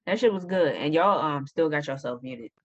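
Host, woman from the US East Coast, deep for her sex, easygoing and profane, muffled call audio. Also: expressive, normal speed. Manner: laid-back, slangy, profane. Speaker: host of a music listening call. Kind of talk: casual chat on a voice call.

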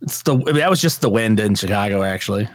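Lively man chatting about a movie. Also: on the low side, no echo. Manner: animated storyteller, quick mimicry of others, frequent laughs. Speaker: podcast co-host. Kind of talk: casual movie chat.

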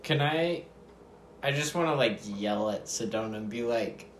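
A man's voice: medium pitch, animated, moderate pace, echoey room, slight background noise. A man playing a tabletop game, talking bluntly and laughing with friends. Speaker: player. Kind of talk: casual tabletop game play.

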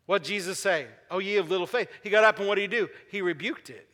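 High, bright-voiced preacher in a reverberant hall. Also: male voice, fast talker, hardly any pauses. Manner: call-and-response preaching, asking the congregation questions; repeats key phrases for emphasis. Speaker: pastor. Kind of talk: sermon. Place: church sanctuary. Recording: long reverb of a large hall.

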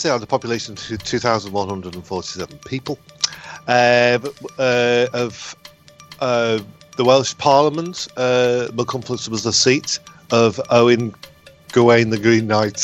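A man, a comedian guest on a radio show, talking in a hesitant way with lots of ums and self-mocking jokes. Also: mid-range voice. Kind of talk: casual radio chat.

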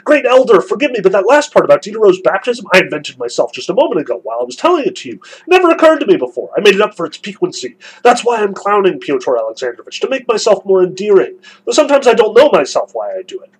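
A man's voice: sits high, big pitch swings, fast talker, few pauses, slightly rough, heavily acted, poor audio. A man reading aloud as a blustering old buffoon of a father, rambling and mock-confessional.

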